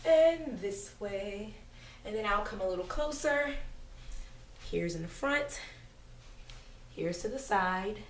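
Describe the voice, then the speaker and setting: A woman's voice: mid-range voice, expressive, takes it slowly, long pauses, a little hiss or hum. A young woman giving a casual pregnancy update vlog, nauseous and a little out of breath, chatty and rambling with many fillers. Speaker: family vlogger.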